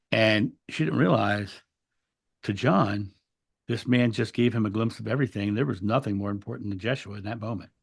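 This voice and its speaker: A man's voice: lowish voice, creaky, husky. A man telling a spiritual story in an interview, earnest and reflective, often restarting his words. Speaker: interview guest.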